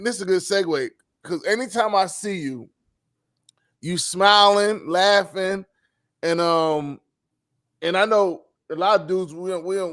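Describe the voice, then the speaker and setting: A high-pitched man hosts a relaxed interview. He talks in loose street slang, laid-back but lively, and his voice sits well above the usual range for a man. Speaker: podcast host. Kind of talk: casual conversational interview.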